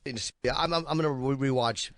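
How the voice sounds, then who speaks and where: A man's voice: mid-range voice, normal speed, fairly bright tone, no echo. A man co-hosting a casual podcast chat, rambling with fillers and laughing. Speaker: podcast co-host.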